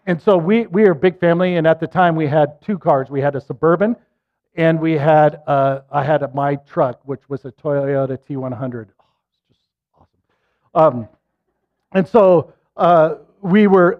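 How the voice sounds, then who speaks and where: A middle-aged man preaching a sermon and telling a personal story, animated and self-deprecating. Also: on the high side. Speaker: pastor. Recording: muffled lo-fi recording.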